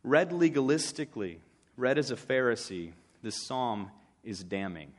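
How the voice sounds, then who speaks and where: A man's voice: mid-range voice, expressive, measured pace. Wry, conversational male preacher. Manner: conversational, wry storytelling with acted asides. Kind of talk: sermon.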